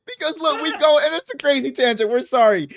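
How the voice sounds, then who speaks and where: A man's voice: very high-pitched, fairly quick, fairly bright tone, dry recording. A man co-hosting a casual sports podcast, telling a story with lots of laughter and swearing. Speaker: podcast co-host.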